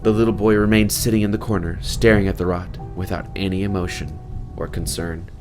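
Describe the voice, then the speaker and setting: Deep-voiced man narrating a dark novel. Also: little pitch movement, a little fast, over music. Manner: vivid, emphatic narration. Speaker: author reading his novel. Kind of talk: dramatic storybook narration.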